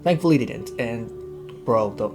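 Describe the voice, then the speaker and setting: A young man giving a casual, emotional movie review, gushing excitedly and tearing up as he talks. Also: mid-range voice, measured pace, over music. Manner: excited, gushing, tearful, says bro. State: crying.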